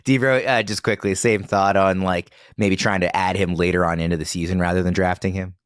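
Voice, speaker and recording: A man's voice: low voice, steady tone, a little fast, clean tone, dry recording, clean studio sound. An American man hosting a casual podcast, steering the discussion with frequent fillers. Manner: moderating, filler-heavy. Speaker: podcast host.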